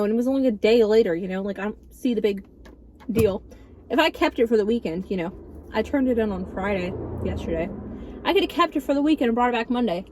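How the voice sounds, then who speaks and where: Sarcastic young woman vlogger, higher voice. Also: expressive, fast talker. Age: early 20s. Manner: sarcastic, dramatic storytelling. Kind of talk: casual mukbang chat.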